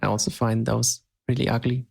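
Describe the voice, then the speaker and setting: A man's voice: mid-range voice, little pitch movement, brisk, vocal fry, slightly rough. A man from Europe co-hosting a podcast, chatting casually, hesitant and laughing often. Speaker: podcast co-host. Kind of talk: casual chat.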